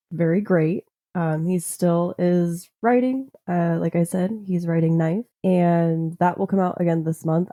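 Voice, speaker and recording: A woman's voice: on the low side, warm tone, no echo. A woman co-hosting a casual podcast chat, rambling with many fillers and frequent giggles. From United States. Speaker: podcast host.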